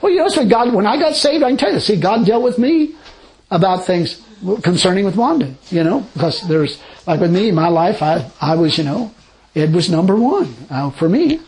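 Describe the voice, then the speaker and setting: A man with a high voice that swoops up and down as he shares his Christian testimony. He rambles and restarts, laughs often and acts out his conversations with great animation. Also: moderate pace, low-quality recording. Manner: animated, laughing storyteller who acts out dialogue.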